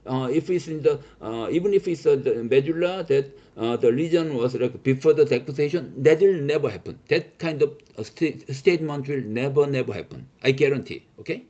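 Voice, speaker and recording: Male lecturer, emphatic, lots of "okay?", animated pitch, muffled lo-fi audio. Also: fairly quick, hardly any pauses. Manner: many fillers and restarts, repeats "okay?"; emphatic, reassuring. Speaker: teacher.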